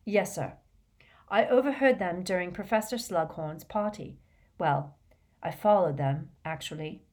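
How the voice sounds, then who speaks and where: A woman's voice: lowish voice, unhurried, a little mellow. A woman reading as a frustrated teenage schoolboy who speaks stiffly and insistently. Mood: hesitant. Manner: stiff, rising when indignant.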